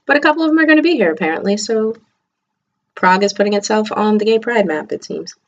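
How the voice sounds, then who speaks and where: A woman's voice: medium pitch, animated, quick pace. A middle-aged woman vlogging a casual video diary as a teacher in training, chatting in a rambling way full of digressive asides. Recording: slightly muffled lo-fi audio.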